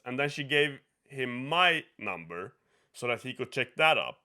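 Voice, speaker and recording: Bright Norwegian-accented young guy telling a story. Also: medium pitch, moderate pace. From Norway. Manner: animated storyteller who swears a lot, laughs often and acts out quotes. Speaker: podcast host. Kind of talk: casual chat, storytelling.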